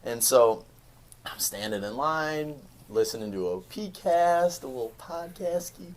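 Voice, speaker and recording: Lively young man telling a story. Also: mid-range voice, unhurried, slight background noise. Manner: animated, laughs often. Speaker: podcast co-host. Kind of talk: casual chat, storytelling.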